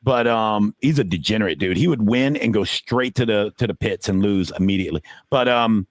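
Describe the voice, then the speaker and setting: A middle-aged man on a podcast telling casual stories about dealing poker. He swears freely and acts out the quotes, with sudden jumps up in pitch. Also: brisk, dry recording, clean studio sound. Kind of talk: casual storytelling.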